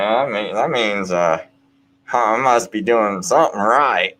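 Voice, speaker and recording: A man's voice: fairly low pitch, big pitch swings, moderate pace, fairly bright tone. A man hosting a late-night show, talking in a casual, rambling monologue full of restarts and "you know"s, with an earnest, preachy bent.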